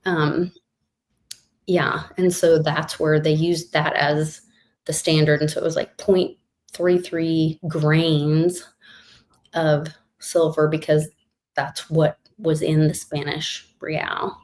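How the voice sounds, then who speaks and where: A woman's voice: sits low, flat delivery, slow, darkish tone. A woman co-hosting a casual chat, tired and a little scattered, searching for her words as she explains. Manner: chatty, a bit scattered, loses her words. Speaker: co-host.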